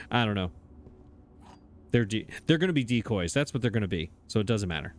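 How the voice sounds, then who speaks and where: This is casual gameplay commentary from a man whose lowish voice is expressive and fairly quick. He thinks aloud at his desk mic, pausing uncertainly and laughing at himself as he hosts the let's play.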